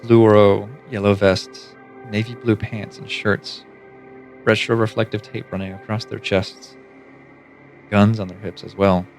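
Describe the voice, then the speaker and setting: A man narrates a story at an ordinary pitch, his calm, steady reading carrying a gravelly rasp. Quiet music plays behind the voice. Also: a little slow. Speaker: streamer reading a book aloud. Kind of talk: storybook reading in second person.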